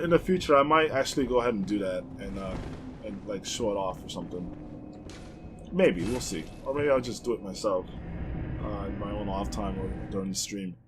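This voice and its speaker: A young man hosting a let's play, giving rambling, excitable gameplay commentary and swearing freely. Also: fairly low pitch, noisy background.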